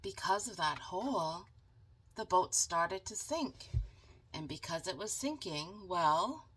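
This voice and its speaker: A woman reading a picture book aloud as a channel host, dramatic and animated, stopping for chatty asides to viewers. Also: lowish voice, slow, a little hiss or hum. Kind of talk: storybook read-aloud with asides.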